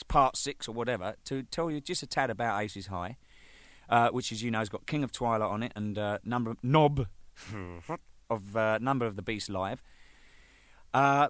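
A man's voice: medium pitch, dry recording. A man telling band stories in a casual, swearing, laughing way. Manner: animated, swearing, laughing, shouting out quoted lines. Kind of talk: casual storytelling monologue.

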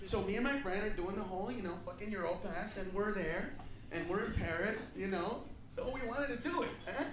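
A man's voice: high-pitched, brisk. A man performing a profane stand-up comedy routine, acting out the characters in his stories. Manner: profane, loud, acts out characters. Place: comedy stage before a laughing audience. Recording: roomy live venue, far mic, crowd noise.

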